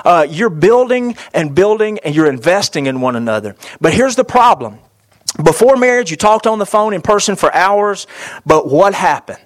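A man's voice: sits high, lively intonation, normal speed. A middle-aged man preaching a sermon as pastor, speaking directly to his listeners, repeating phrases for emphasis, with frequent "uh" fillers.

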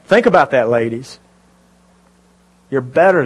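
With a slightly high voice and lively intonation, a male pastor preaches at a normal speed to a live congregation in church. His tone is conversational, and he puts questions to the people listening.

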